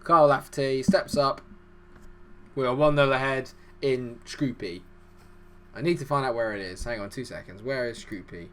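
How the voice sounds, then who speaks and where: A man giving fast, excitable live commentary over a football management game, chatty and self-deprecating. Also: medium pitch. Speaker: gaming YouTuber.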